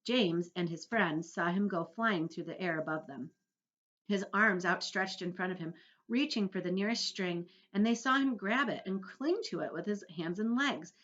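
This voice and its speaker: A woman's voice: medium pitch, moderate pace, highs cut off. A woman teacher reading a children's book aloud to her class, telling it expressively. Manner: expressive storytelling.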